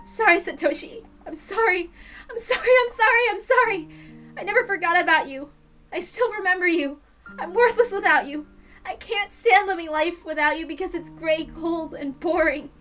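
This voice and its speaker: A woman voicing an emotional teenage girl who pleads in a tearful, raised, high voice. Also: normal speed, faint music behind. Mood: distraught. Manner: pleading, rising to tearful shouts.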